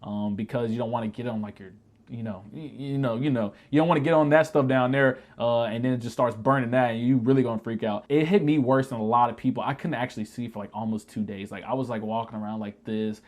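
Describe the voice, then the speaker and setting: A man in a casual storytime vlog, retelling an army-style ordeal with heavy swearing and animated, shouted asides. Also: mid-range voice, fast. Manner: profane, animated retelling that shouts quoted lines. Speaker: vlogger telling a military story.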